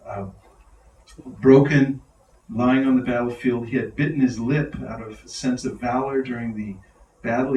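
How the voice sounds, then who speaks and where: A spiritual teacher gives an enthusiastic devotional talk to a live audience in a large, roomy hall, often laughing as he tells animated stories. His voice is mid-range, picked up by a distant mic with a little hiss or hum.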